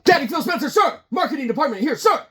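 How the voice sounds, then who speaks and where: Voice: high voice, lively intonation, fast, sharp tone, a little hiss or hum, pitched above the performer's own voice. A podcaster voicing a jittery, servile male marketing underling in a comedy reenactment. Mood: frantic. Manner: frantic and servile, repeating "sir".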